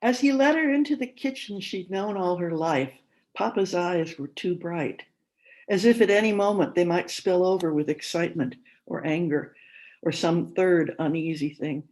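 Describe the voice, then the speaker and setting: A woman speaking at a conference, reading a literary story aloud in a measured narrating manner. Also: fairly low pitch, darkish tone, low-quality recording.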